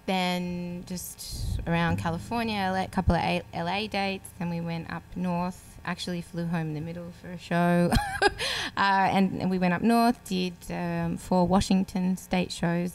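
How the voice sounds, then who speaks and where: This young Australian woman talks in a relaxed, chatty way, laughing easily between her thoughts. Her voice sits a touch on the low side for a woman. She sounds like a singer-songwriter answering questions as an easygoing guest. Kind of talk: casual interview chat.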